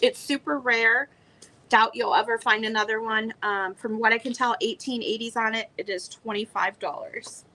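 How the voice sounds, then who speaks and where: A woman's voice: a little high, steady tone, normal speed, sharp tone, poor audio. A woman selling old books on a live stream, talking in a chatty, rambling way. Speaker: online book seller. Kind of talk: casual live sale chat.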